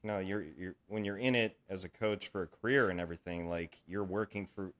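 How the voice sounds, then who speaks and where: A man hosting a coaching podcast, relaxed and agreeable, summing up his guest's points. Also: sits low, fairly quick. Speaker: strength coach, podcast host. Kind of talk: casual interview chat.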